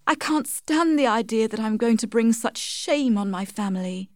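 A woman's voice: a little high, expressive, normal speed, darkish tone, no room sound, clean studio sound, pitched above the performer's own voice, lightly acted. A woman voicing a young village woman, ashamed and bitter, tearful and pleading in a raised voice. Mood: sad. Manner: tearful, pleading, rising to anger.

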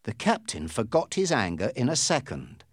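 A man reading a storybook aloud as narrator in a clear, deliberate way. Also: mid-range voice, huge pitch swings, no echo, studio quality.

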